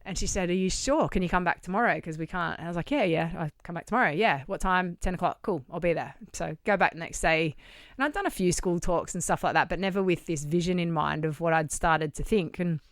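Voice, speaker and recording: A middle-aged Australian woman, a charity founder, telling a long story on a podcast in a lively, anecdotal way, acting out the dialogue and swearing casually. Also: on the low side, fairly quick, no echo. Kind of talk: conversational storytelling. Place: podcast studio.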